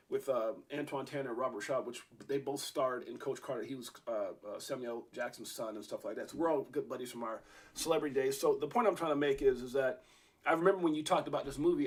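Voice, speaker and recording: A man hosting an interview, telling a long rambling story with many restarts and fillers. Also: mid-range voice. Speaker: podcast host.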